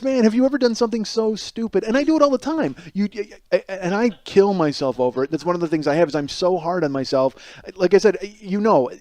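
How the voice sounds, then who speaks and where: A man's voice: high voice, darkish tone, dry recording. A man hosting a podcast, telling a profane, self-mocking comic story alone and acting out the people in it. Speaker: podcast host. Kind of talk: comedic storytelling monologue.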